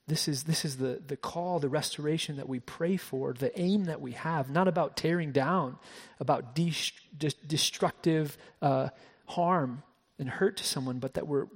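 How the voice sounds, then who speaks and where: Pastor, man, slightly higher voice, preaching in a reverberant church hall; drops to a hush, then builds to emphasis. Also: moderate pace, slightly rough. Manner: shifts between soft hushed passages and raised emphatic ones; frequent word repeats and restarts. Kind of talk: sermon.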